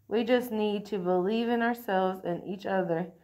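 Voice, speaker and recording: A woman reading aloud and voicing a calm, kind teacher with a soft, reassuring manner. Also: medium pitch, moderate pace, lightly acted.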